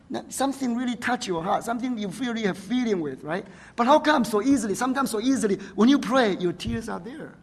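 High-voiced husky man preaching. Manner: frequent "right?" and "huh?" tag questions, non-native phrasing. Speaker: pastor. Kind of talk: sermon.

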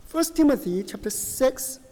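A middle-aged man preaching a conversational sermon, animated and joking, often asking his listeners "right?". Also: very high-pitched, measured pace. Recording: long reverb of a hall.

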